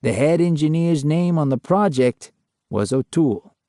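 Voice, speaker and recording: An older man narrating a true ghost story in a slow, measured way. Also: fairly high pitch, lively intonation, mellow, dry recording, clean studio sound.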